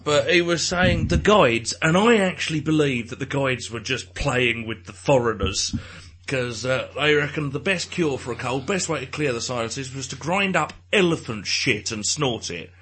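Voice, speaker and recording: A man's voice: mid-range voice, lively intonation, moderate pace, hardly any pauses, fairly bright tone, a little hiss or hum. A man co-hosting a podcast in casual, crude banter, joking and laughing often. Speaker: podcast co-host.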